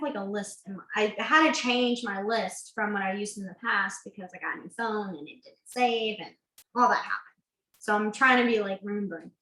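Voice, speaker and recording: A woman's voice: medium pitch, sharp tone, echoey room, rough recording. A woman teaching a beginners' sign language class, chatty and self-correcting, laughing easily. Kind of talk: online class instruction.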